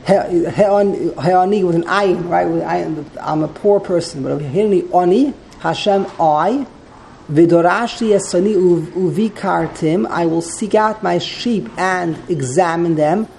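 Woman teaching with a gravelly voice. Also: fairly low pitch, measured pace, a little mellow, slight background noise, rough recording. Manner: explanatory, translates line by line, digresses. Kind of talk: text study class.

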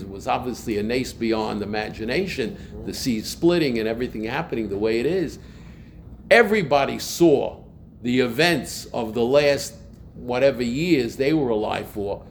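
A man's voice: medium pitch, slight background noise. Earnest male rabbi teaching a class. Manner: earnest, explanatory, quotes inner thoughts. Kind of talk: Torah lesson.

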